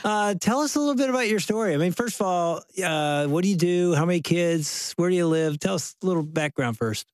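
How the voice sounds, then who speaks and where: A man's voice: sits high, animated, a little fast, hardly any pauses, clean tone, dry recording. A middle-aged man hosting a radio talk show, chatty and enthusiastic with playful emphasis. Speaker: host.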